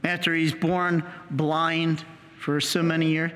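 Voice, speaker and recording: Bright-voiced priest preaching in a reverberant hall. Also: male voice, sits high, moderate pace, slight background noise. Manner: animated storytelling, acting out the healed man's voice. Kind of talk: sermon.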